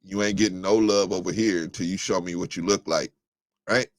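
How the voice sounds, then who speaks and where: A man's voice: deep voice, steady tone, fairly quick, dry recording. A man hosting a live talk show, reading viewer comments aloud and answering them bluntly, with many restarts and fillers. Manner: blunt and combative, rising sharply when heated. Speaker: livestream show host.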